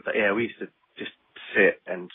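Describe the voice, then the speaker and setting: A man co-hosts a podcast in casual chat, rambling along and laughing easily. His voice is low and husky, and it comes through a thin, phone-like line. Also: fairly even intonation, normal speed, dry recording. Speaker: podcast co-host. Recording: phone-like low-fidelity audio.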